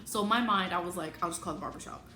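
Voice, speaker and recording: A young adult woman telling a story casually and animatedly, acting out what people said in a higher voice. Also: racing, slight background noise. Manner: animated, acts out quoted speech in a higher voice. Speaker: vlogger telling her birth story. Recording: echoey room with clear background music.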